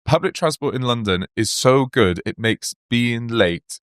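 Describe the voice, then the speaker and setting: A man's voice: mid-range voice, measured pace, clean tone, dry recording. A man hosting a podcast, chatting casually and acting out the voices in his stories. His voice sits in an ordinary middle range. The sound is close and dry. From Wales. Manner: animated storytelling, acts out quoted voices. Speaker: podcast host.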